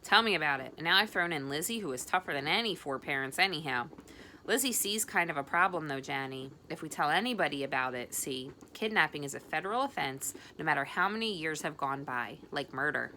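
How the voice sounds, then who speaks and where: A woman reading the lines of a soft-spoken, reassuring teenage boy. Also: deep voice, animated, brisk, slight background noise. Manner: soft, coaxing.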